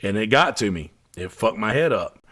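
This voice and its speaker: A podcast host tells a personal story in a casual monologue. His voice sits a little low, and his telling is loose and profane, with frequent false starts and repeated words. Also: expressive, normal speed, a bit bright. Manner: profane, rambling, with many restarts and fillers.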